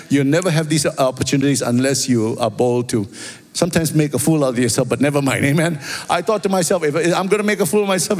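A pastor with a Singaporean accent, preaching a sermon and telling stories, often asking "amen?" and "right?". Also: male voice, medium pitch. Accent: Singaporean English. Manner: storytelling, animated, repeats phrases, asks "amen?" and "right?". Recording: long reverb of a large hall.

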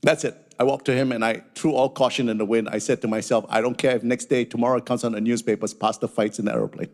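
A man preaching a sermon as pastor, animated and storytelling, dropping frequent hallelujahs. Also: medium pitch, fast talker.

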